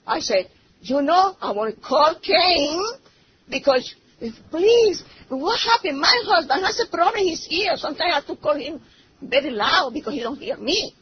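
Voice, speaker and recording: A middle-aged woman tells her story as a personal testimony in church, using broken English with a Spanish accent and switching into Spanish, her native language. She speaks expressively in a high voice at a moderate pace. The audio is slightly muffled, with faint noise.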